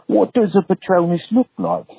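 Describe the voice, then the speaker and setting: An earnest young boy wizard cries out in a high, excited voice, as a man puts him on. The sound is husky and dry. It comes through a tinny phone line. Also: normal speed, no echo, exaggerated voice. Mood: eager.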